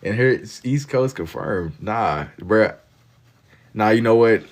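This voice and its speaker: Young guy streaming, real low voice, chill slangy banter w chat. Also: animated, slow. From Kentucky. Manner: laid-back slang-heavy banter, reading and answering chat. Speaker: livestreamer. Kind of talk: casual chat with live viewers while drawing.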